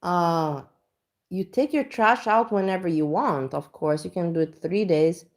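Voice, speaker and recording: A woman's voice: lowish voice, measured pace. A woman vlogger chatting casually at home, telling a rambling, self-mocking story full of restarts. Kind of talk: casual reaction chat. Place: home kitchen.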